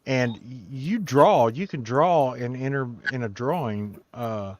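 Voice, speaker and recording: A man's voice: mid-range voice, measured pace, no room sound. Laid-back man chatting on a stream. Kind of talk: casual chat on a comics stream.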